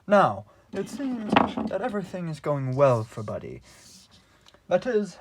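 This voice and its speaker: A man's voice: high voice, wildly swooping pitch, measured pace, slight background noise, rough recording. A man narrating a rambling comedic movie recap, restarting often and stringing events together with fillers.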